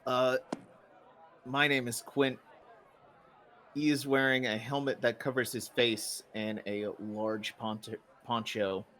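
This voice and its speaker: A man's voice: mid-range voice, little pitch movement, slow, long pauses, fairly bright tone, some chatter behind. Casual tabletop player, a man with a mid-range voice, a bit hesitant.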